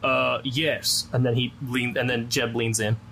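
A woman playing a tabletop role-playing game in character, gruff and exasperated as she lectures another character. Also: very deep voice, flat delivery, a little slow, very noisy. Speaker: tabletop player.

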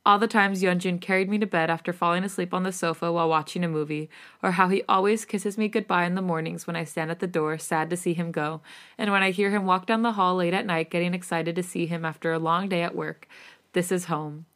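A woman podcast host reading a romantic fan fiction story aloud in a casual, animated and sometimes giggly way. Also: lowish voice, a little fast.

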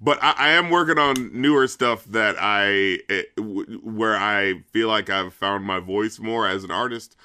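A podcast host with a Southern US accent chats casually, rambling and leaning on fillers like "you know what I mean." His lowish voice is bright and forceful, unhurried, with few pauses.

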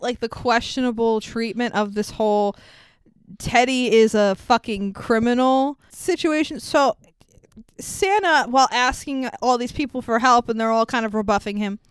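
High, smooth-voiced woman recapping a film. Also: no room sound. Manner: laughs often, swears freely, animated retelling. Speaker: podcast co-host. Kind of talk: casual chat recapping a film.

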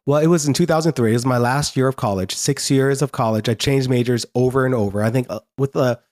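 A man telling his life story as a guest in an interview, earnest and halting, often restarting his sentences. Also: mid-range voice, darkish tone.

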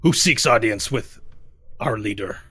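A man's voice: fairly low pitch, lively intonation, measured pace, bright, forceful tone, husky, faint music behind, full character voice. A man voicing a stern male lizardfolk guard who speaks in a commanding, formal way.

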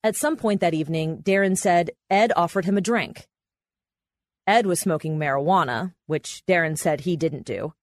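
A woman reporter and podcast host, telling a court story in measured, matter-of-fact scripted narration. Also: fairly low pitch, dry recording, clean studio sound.

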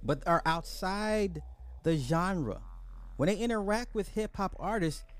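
A man's voice: high voice, lively intonation, unhurried, smooth. A man hosting a podcast, giving blunt, exasperated casual commentary, often restarting his sentences. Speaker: podcast host.

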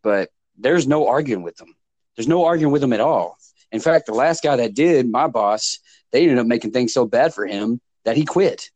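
A man in casual chat, calmly explaining technical work in plain words. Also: medium pitch, moderate pace, no room sound, rough recording.

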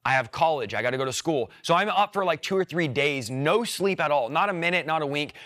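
A man's voice: fairly high pitch, animated, brisk, a bit bright. A young man telling his personal faith testimony on a podcast, earnest and emotional, often repeating his phrases. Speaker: podcast guest.

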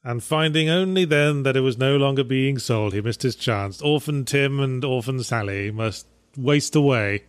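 An English man with an English accent, co-hosting a casual podcast and spinning absurd stories deadpan. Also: mid-range voice, normal speed, few pauses, clean tone, no room sound. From England. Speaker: podcast co-host. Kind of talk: casual chat.

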